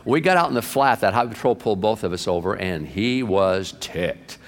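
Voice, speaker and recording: A male pastor preaching a sermon through lively anecdotes, acting out the people in his stories. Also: fairly low pitch, a little fast, in a large hall. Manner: animated anecdotes, acted-out quotes. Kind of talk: sermon storytelling.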